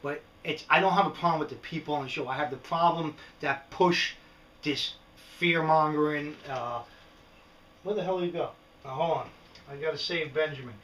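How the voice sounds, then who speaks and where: A rambling, animated man with a New York accent, his voice pitched a little high. He sits back from the mic in a roomy space with a clear echo. He is a middle-aged vlogger on a casual rant. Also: normal speed, recorded from a distance. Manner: animated, rambling, frequent "right?" asides. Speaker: prepping vlogger. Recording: echoey room, speaker away from the mic.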